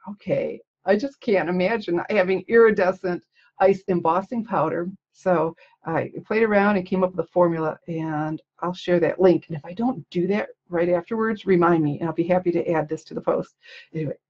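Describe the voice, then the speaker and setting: Gushing, chatty woman with a husky voice. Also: on the low side, steady tone, brisk, muffled recording. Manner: chatty and gushing, lots of exclamations and little laughs. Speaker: stamping demonstrator showing swap cards. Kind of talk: casual livestream show-and-tell.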